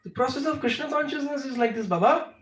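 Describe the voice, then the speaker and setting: A man's voice: very high voice, animated, fast, a bit bright. A man with an Indian accent teaching a devotional class, answering questions emphatically with rhetorical questions. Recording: echoey room, mic far off.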